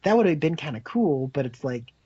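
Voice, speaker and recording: A man's voice: on the high side, very animated, a little fast, dark tone, slightly rough, dry recording, highs cut off. A man co-hosting a podcast in casual chat, rambling and laughing as he acts out quotes. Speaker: podcast co-host.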